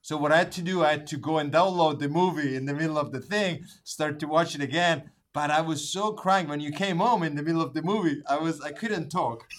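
A man co-hosting a podcast, relaxed in casual chat, telling a story with chuckles. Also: a little high, fairly quick, few pauses. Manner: relaxed, plugs links, chuckles. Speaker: podcast co-host.

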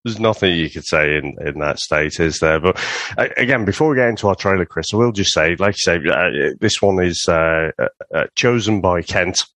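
A man's voice: low-pitched, normal speed, hardly any pauses, a bit bright, no room sound, studio quality. A man co-hosting a podcast, telling stories casually with laughter and swearing. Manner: laughing storyteller, swearing, hesitant fillers. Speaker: podcast co-host. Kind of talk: casual chat.

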